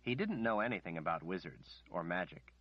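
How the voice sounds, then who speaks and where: Deep-voiced man narrating an audiobook. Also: expressive, a little fast, no room sound. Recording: dry, slightly muffled recording.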